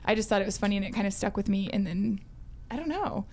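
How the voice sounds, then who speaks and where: A young woman, a comedian and musician, telling an animated story as a guest on a web talk show. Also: mid-range voice, fast talker. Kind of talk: casual interview storytelling.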